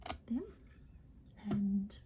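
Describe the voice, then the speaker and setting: Brief: woman craft demonstrator, chatty, slips into soft half-whispers, noisy home recording. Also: mid-range voice, extremely slow. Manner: chatty, often drops to a soft half-whisper while working. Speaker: papercraft demonstrator.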